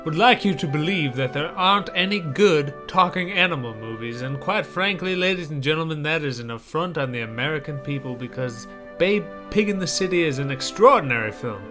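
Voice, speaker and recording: A man's voice: fairly high pitch, expressive, brisk, hardly any pauses, music in the background, natural voice. A man voicing a blustering male politician with a put-on Southern US accent, giving a pompous stump speech.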